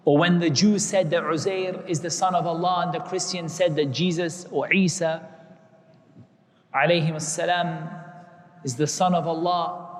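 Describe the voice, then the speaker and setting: Speaking in English sprinkled with Arabic terms, a man with a high voice gives a religious lesson. He deliberately repeats important words, and a long reverberation suggests a big hall.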